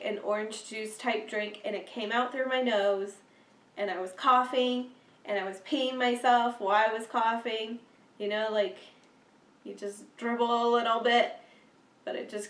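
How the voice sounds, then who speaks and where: Her voice is a little high and sounds far from the mic, giving a roomy, slightly off-mic recording. The young vlogger has a cold that leaves her stuffy, and she chats casually with lots of fillers and laughter.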